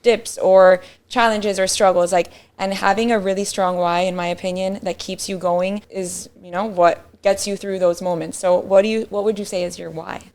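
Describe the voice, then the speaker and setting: Host: clear, smooth-voiced woman, casual interviewer, chatty with fillers. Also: mid-range voice, steady tone. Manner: warm interviewer, filler likes, quick affirmations. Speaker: podcast host.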